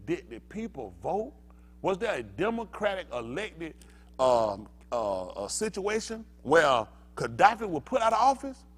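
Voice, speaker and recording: An older male pastor giving a fiery sermon, heated and emphatic, firing rhetorical questions at the congregation. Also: sits high.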